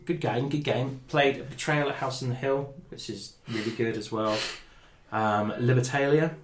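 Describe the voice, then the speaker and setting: A man's voice: mid-range voice, normal speed, slight background noise. A man co-hosting a casual podcast, talking in an upbeat, chatty way. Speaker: podcast co-host. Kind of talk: casual chat. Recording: echoey room.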